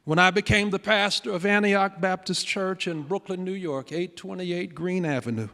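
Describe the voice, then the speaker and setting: A pastor telling a personal story in a sermon, dramatic, shifting between loud declarations and hushed moments. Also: male voice, sits high, moderate pace, creaky. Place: large church sanctuary. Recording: long church hall reverb.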